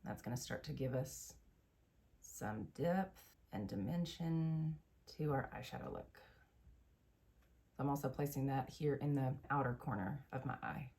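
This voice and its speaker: A woman's voice: very deep voice, lively intonation, unhurried, creaky, pauses often, darkish tone. A woman hosting a makeup tutorial, chatty and enthusiastic, explaining each step as she goes. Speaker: beauty vlogger.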